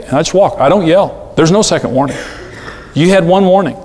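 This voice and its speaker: A man's voice: a little high, fairly quick, a little mellow. A man preaching a sermon, telling stories and acting out the people in them. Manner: storytelling, acting out quoted people. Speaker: pastor. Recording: long reverb of a large hall.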